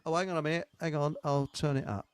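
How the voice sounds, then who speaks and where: A man's voice: a little high, steady tone, quick pace, clear, resonant tone, dry recording. A middle-aged man, hosting a live online show in a rambling, jokey chat and laughing at his own jokes. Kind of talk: casual chat.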